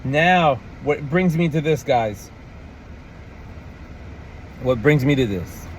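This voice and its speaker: Animated, profane man ranting about wrestling. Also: fairly high pitch, takes it slowly, slight background noise. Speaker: wrestling commentary vlogger. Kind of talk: casual ranting commentary.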